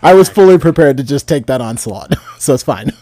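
A man's voice: mid-range voice, lively intonation, a little fast, mellow, dry recording, clean studio sound. A man around thirty co-hosting a podcast, joking and laughing easily in casual chat. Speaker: podcast co-host.

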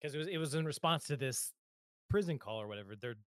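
A man's voice: on the high side, animated, quick pace, dry recording. A man co-hosting a podcast, telling a story in casual chat, often laughing and quoting himself. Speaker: podcast co-host.

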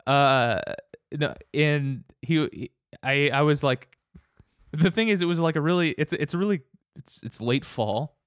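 A man's voice: on the high side, a little slow, no echo, studio quality. A man telling a rambling story in casual chat, with many restarts and frequent laughs.

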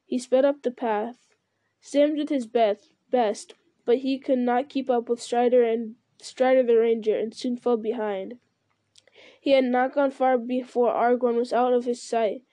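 A woman reading a fantasy novel aloud in a steady storytelling manner, with occasional slips. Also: fairly high pitch, measured pace, no room sound. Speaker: reader.

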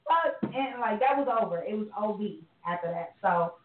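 A woman's voice: medium pitch, animated, normal speed, reverberant, distant mic, narrow, tinny audio, a little hiss or hum. A woman co-hosting a podcast, telling stories in a blunt, candid and profane casual chat. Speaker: podcast co-host.

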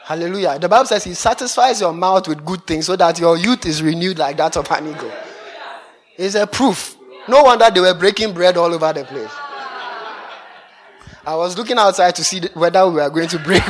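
Preacher guy, fairly high voice, lively sermon, keeps laughing. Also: normal speed. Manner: lively, laughs often between lines.

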